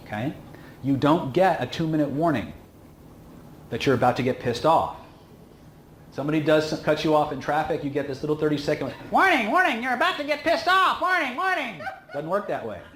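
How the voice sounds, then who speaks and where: A man teaching a seminar in a casual, emphatic way, often pausing to check in with "okay?". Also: medium pitch. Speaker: instructor. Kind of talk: seminar lecture. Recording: echoey room with faint hum.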